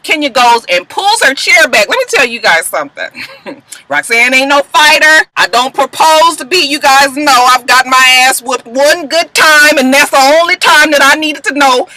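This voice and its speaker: High, bright-voiced woman ranting bluntly. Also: animated, moderate pace, low-quality recording. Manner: blunt, profane and emphatic. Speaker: reality TV recap vlogger. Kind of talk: casual recap commentary.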